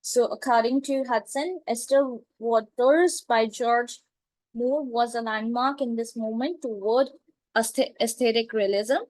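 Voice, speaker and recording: A woman teaching literature terms, repeating each point slowly and checking with "right?" and "clear?". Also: a little high, a little mellow, no room sound, poor audio. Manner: slow, repetitive, checks understanding with "right?" and "clear?". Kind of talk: classroom lecture.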